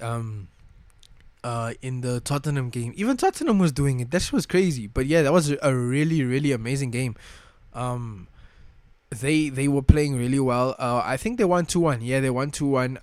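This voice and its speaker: Young male fan vlogger, mid-pitch, frustrated slangy rant, dry close recording. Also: animated, normal speed, darkish tone, dry recording. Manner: frustrated, slangy, repeats himself. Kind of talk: casual rant.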